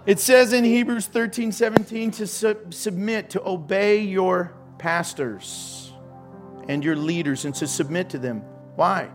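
A man preaching a sermon as pastor, joking and telling stories with sudden loud outbursts. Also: sits high, unhurried, music in the background.

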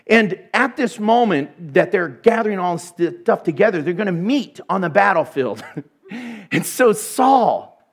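A man with a notably high voice delivers a sermon. He retells the story in an animated, conversational way and slips in humorous asides. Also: a little slow. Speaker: preacher.

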